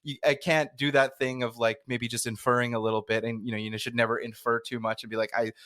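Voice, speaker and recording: A man's voice: medium pitch, flat delivery, quick pace, fairly bright tone, dry recording, studio quality. A Canadian man hosting a podcast interview, chatting casually, rambling and restarting his sentences and laughing easily. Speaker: podcast host.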